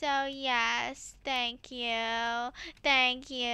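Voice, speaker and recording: High bright-voiced girl gamer, excitable commentary, slow talker, dry close mic. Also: clean tone, no echo. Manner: excitable, squeals and laughs while playing. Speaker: gaming YouTuber.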